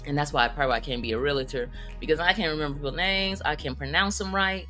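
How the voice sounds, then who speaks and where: A woman comedian telling funny stories in a casual monologue, animated and breaking into high squeaky voices when she quotes people. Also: fast, soft background music. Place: Las Vegas.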